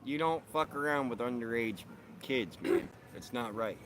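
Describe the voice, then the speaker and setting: A man's voice: mid-range voice, moderate pace, heavy background noise. A man live-streaming from his phone while sitting outside at the end of his sidewalk, talking bluntly and with a lot of swearing. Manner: blunt, profane, laughs often. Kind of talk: casual live-stream chat. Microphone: phone camera.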